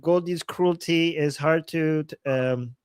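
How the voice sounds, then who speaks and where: A man's voice: on the high side, slow, smooth, no room sound, clean studio sound. A man co-hosting a live political stream, giving sarcastic commentary with theatrical mockery and frequent laughter. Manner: mocking, theatrical, laughs often.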